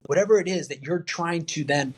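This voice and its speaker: Speaking a little fast, a man with a voice on the high side and a breathy edge talks candidly as a veteran podcast guest. He keeps things earnest and plain-spoken in the interview, acting out his friends' words as the story goes.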